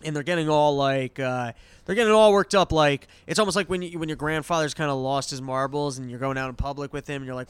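A man's voice: fairly high pitch, fast talker, clear, resonant tone, no echo. A man hosting a podcast, ranting and swearing in casual chat. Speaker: podcast host.

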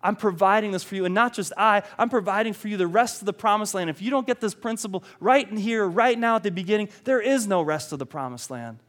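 A man preaching a sermon, earnest, acting out quoted speech and dropping to a soft voice for emphasis. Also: sits high, expressive, fast talker, few pauses. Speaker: pastor.

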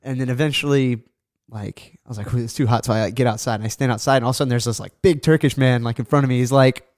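A man telling a story in a casual chat, animated, acting out other people's lines and swearing along the way. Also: mid-range voice, fast talker.

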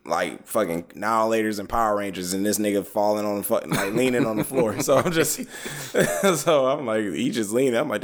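A man with a low voice tells stories in a loose, casual chat. He talks in a laid-back, profane way and breaks into laughter often. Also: fairly quick.

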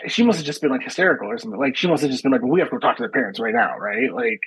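A man in his thirties, a podcast co-host, telling a story in casual chat, profane and animated, acting out the dialogue. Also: medium pitch, very fast, husky, no echo, poor audio.

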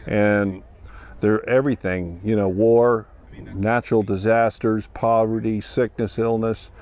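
Low-voiced man telling a personal story. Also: level tone, measured pace, darkish tone. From Ohio. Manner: earnest, plain-spoken, acts out dialogue. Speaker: festival attendee sharing an experience.

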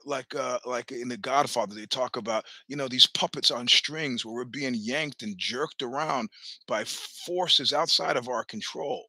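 A man's voice: mid-range voice, normal speed, sharp tone, dry recording. A man in his sixties hosting a show, telling a long personal story in a rambling, chatty way, full of restarts, stammers and swearing. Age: 60s. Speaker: podcast host.

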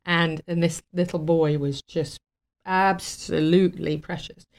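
Talk-show guest, woman, lower register, tells stories warmly with lots of fillers and laughter. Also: fairly even intonation, a little slow. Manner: warm and emotional, laughs often, many fillers. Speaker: guest telling a story. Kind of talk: casual storytelling on a talk show.

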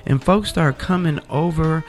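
A man's voice: on the high side, measured pace, faint music behind. A middle-aged man hosting a radio show, telling playful stories and speaking directly to his listeners. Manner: chatty, anecdotal, playful, addresses listeners directly. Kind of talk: casual radio talk with storytelling.

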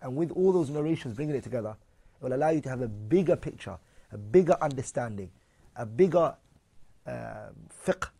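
Man teaching a religious class, dark husky voice, goes through points one at a time, keeps asking the room questions. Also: medium pitch, lively intonation, brisk. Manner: explains point by point, asks the audience questions; switches between English and Arabic readings. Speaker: Islamic teacher. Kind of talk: religious lesson.

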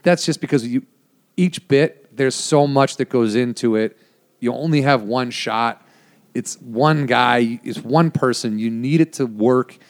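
A man's voice: medium pitch, measured pace. A man, a former producer, telling rambling behind-the-scenes stories in a casual chat, full of "like" and swearing. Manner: rambling, many "like" fillers, frequent swearing. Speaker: guest, former prank show producer.

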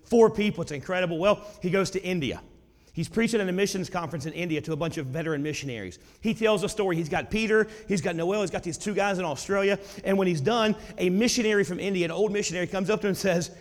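A man's voice: high voice, quick pace. A male preacher delivering a sermon, telling a story in a conversational way that builds to emphatic exclamations. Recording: long hall reverb.

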